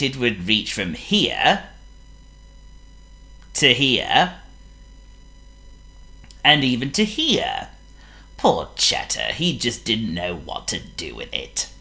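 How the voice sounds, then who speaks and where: A woman reading a children's story aloud, playful and expressive. Her voice is unusually deep for a woman yet bright. She reads slowly with huge swings in pitch. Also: creaky.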